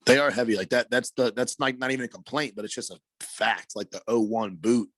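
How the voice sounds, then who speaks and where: A man co-hosting a hockey podcast in casual chat, slightly raspy from allergies, talking loosely with lots of filler and slang. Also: medium pitch, fairly even intonation, a little fast, fairly bright tone, no echo. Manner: loose, rambling, heavy filler words and slang. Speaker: podcast co-host.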